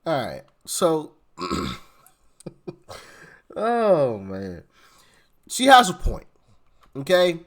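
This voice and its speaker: A man with a fairly high voice delivers casual reaction commentary, swooping up and down in pitch as he reasons aloud. His speech is slangy and animated, and he talks straight to the viewer. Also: drawn-out words, pauses often.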